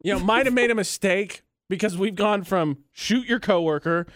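A high-pitched man trades sarcastic banter as a radio co-host, piling on mock outrage as he tells a story. His voice is close and dry, with no room sound behind it. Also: moderate pace, fairly bright tone, no room sound.

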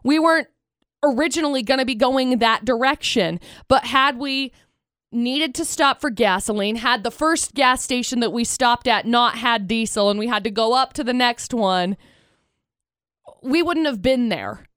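Tearful high-voiced radio woman. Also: normal speed, fairly bright tone, no room sound, studio quality. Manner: emotional, tearful and gushing. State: near tears. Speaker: radio co-host. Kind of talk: morning radio chat.

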